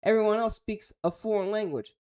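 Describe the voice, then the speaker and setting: A woman's voice: mid-range voice, a little fast, dark tone. A woman with an American accent hosting a casual talk show, reading news aloud and reacting bluntly in slangy, offhand remarks. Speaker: host.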